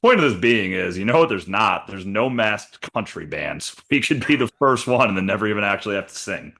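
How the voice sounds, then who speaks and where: A man co-hosting a podcast in casual, animated chat, joking and swearing freely. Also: lowish voice, a little fast. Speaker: podcast co-host.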